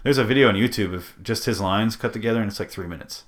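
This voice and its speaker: A man's voice: fairly low pitch, fast. A man hosting a casual movie podcast, rambling and joking, swearing freely. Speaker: podcast host.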